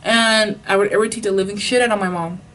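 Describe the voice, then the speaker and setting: Young woman, casual storytime vlog, chatty, lots of fillers, mid pitch. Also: steady tone, fast, fairly bright tone. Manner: chatty, filler-heavy with frequent "like", Spanish phrases. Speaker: vlogger.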